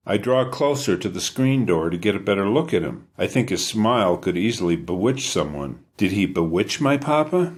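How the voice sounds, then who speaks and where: A man reading his own book aloud in an even, first-person storytelling manner. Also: on the low side, moderate pace, hardly any pauses. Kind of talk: audiobook narration.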